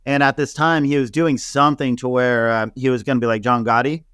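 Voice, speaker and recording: A man talking casually in an interview, telling stories in an animated way and full of fillers. His voice sits in a middle range. The recording is dry and close, with no room sound. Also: medium pitch, fairly quick, smooth, no room sound. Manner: animated, laughing storyteller with many fillers. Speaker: celebrity hairstylist guest.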